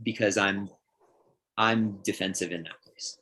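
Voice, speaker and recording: A man's voice: fairly low pitch, steady tone, a little slow, sharp tone. A middle-aged man, a counselor, answering questions on a livestream in a thoughtful way, often restarting and acting out examples. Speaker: counselor guest.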